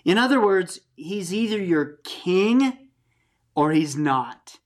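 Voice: medium pitch, big pitch swings, takes it slowly. A Bible teacher giving a conversational sermon, earnest and plain-spoken, often restarting and adding asides.

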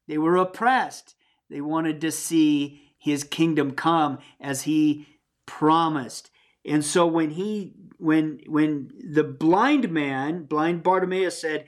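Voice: medium pitch, a little slow. A Bible teacher giving a conversational sermon, earnest and plain-spoken, often restarting and adding asides.

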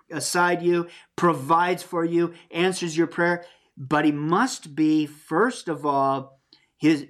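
Slow, earnest Bible teacher preaching. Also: mid-range voice. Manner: earnest, plain-spoken, with frequent restarts and asides. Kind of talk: conversational sermon.

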